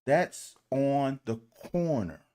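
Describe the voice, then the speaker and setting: A man talking through football game film in a casual, exasperated way, cursing at bad plays and speaking straight to his viewers. His pitch swings widely, rising and dropping as he reacts. He takes his time, with an unhurried pace between points. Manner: animated, exasperated coaching critique with swearing; addresses viewers directly as "y'all". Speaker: football film breakdown host.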